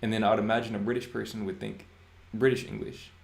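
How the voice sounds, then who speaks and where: Low gravelly voiced guy in his 20s, laid back livestream chatter. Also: fast, echoey room. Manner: relaxed, reads chat aloud. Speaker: livestream host. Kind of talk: casual livestream chat.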